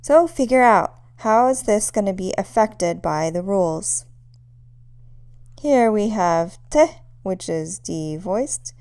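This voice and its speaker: Slow, clear-voiced woman teaching pronunciation. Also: mid-range voice, lively intonation, a little mellow. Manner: clear, patient, demonstrates sounds slowly. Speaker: language teacher. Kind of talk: pronunciation lesson.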